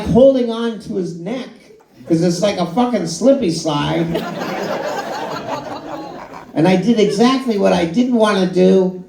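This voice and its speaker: A man doing a stand-up comedy set, telling a story in an animated way and swearing freely. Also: high-pitched, vocal fry, a little hiss or hum. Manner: animated storytelling, swearing, crowd laughing along. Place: live comedy show at a bar and grill. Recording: echoey bar room with a loud crowd. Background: audience laughing.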